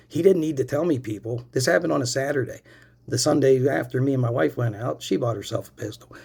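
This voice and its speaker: Here a Pennsylvania man in his forties smokes while ranting angrily to his camera, swearing a lot and calling out to "people" watching his vlog. He talks at a quick pace in a mid-range voice that is gravelly, darkish and slightly rough.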